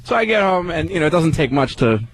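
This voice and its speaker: A man calling in to a talk radio show, casually telling an animated story and laughing as he goes. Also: on the high side, quick pace. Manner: animated, laughs through his story, mimics voices.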